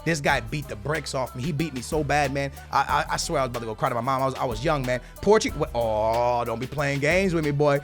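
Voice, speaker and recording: A young man giving casual gameplay commentary as a gaming YouTuber, animated and slangy, talking straight to his viewers as bro and man. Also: medium pitch, quick pace, hardly any pauses. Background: faint background music.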